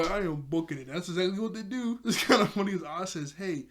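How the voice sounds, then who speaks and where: Male reviewer, slightly higher voice, casual excitable recap delivery, chuckles often. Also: fast talker, few pauses. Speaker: episode reviewer.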